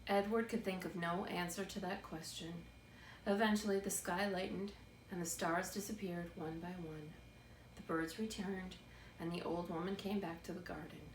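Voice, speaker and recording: A woman's voice: lowish voice, normal speed. Woman reading a storybook aloud, roomy sound. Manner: steady, expressive read-aloud. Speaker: storybook reader. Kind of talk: scripted narration. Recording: roomy, distant mic, faint background noise.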